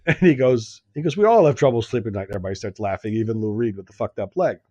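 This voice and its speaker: A man's voice: lowish voice, very fast, warm tone, dry recording, lo-fi sound. Dry rambling male storyteller. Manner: rambling anecdote with quoted back-and-forth; repeats himself. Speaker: podcast co-host. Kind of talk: casual chat.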